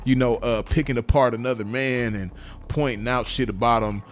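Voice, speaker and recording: A man's voice: medium pitch, fairly quick, soft background music. A man, speaking in a blunt, profane, repetitive unscripted monologue to camera. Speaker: vlogger.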